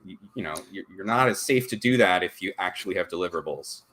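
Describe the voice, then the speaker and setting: A man in his thirties with a fairly low voice speaks on a live panel. He is thoughtful and tells anecdotes, with frequent ums and restarts. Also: lively intonation, fast, fairly bright tone, a little hiss or hum. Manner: thoughtful, anecdotal, many fillers. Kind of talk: casual panel talk.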